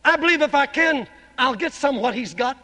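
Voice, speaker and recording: An older man preaches a sermon full of testimony, his voice pitched very high and bright. He swings from fervent outbursts to slow, drawn-out phrases. The sound carries a long reverb, as in a large hall. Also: animated. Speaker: evangelist preacher.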